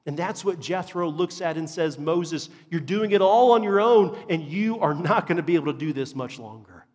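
A pastor preaches a sermon with earnest emphasis, repeating phrases to drive his points home. His voice sits on the high side and is a little mellow with a slight roughness. The long reverb of a large hall surrounds the recording.

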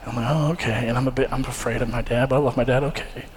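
A man's voice: mid-range voice, level tone, rapid-fire. A young man preaching a sermon, telling a personal story in an earnest, conversational way with frequent fillers and restarts. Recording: long hall reverb, faint ambience.

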